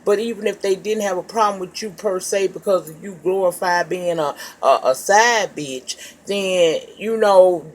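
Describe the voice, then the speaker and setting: A woman's voice: on the low side, unhurried. A woman recapping a reality show episode in a casual, gossipy way, swearing freely and calling her listeners child and baby. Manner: profane, animated storytelling, calls listeners child and baby.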